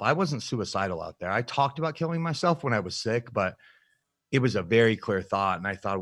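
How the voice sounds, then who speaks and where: A man, a podcast guest, frankly telling his life story in a reflective, halting way with plenty of fillers. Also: fairly low pitch, expressive, a bit bright, no room sound. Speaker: podcast guest, nutrition coach. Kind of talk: candid personal storytelling in an interview.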